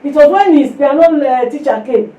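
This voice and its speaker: A woman preaching a sermon to a women's fellowship, telling a personal testimony in an animated way and acting out the voices of the people in it. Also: sits high, normal speed. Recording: echoey room, distant mic.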